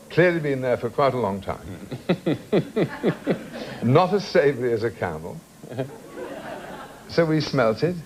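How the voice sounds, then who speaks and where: A man, a talk show guest, telling an anecdote in a dry, deliberate drawl. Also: medium pitch, a little mellow. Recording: noisy archive television audio.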